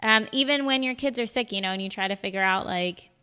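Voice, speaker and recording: A woman hosts a podcast conversation with a smooth, clear voice in a middle register. She talks casually and fills her sentences with "like" and "you know". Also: mid-range voice, sharp tone, long reverb tail. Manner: chatty, many backchannels, quick laughs, filler-heavy. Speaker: podcast host. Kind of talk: podcast interview.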